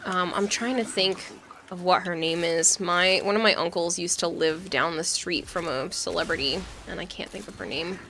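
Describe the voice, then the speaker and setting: A woman's voice: on the low side, moderate pace, pushed and bright, a little hiss or hum. A young adult woman streaming, telling stories in a chatty way and laughing often. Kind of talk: casual gaming stream chat.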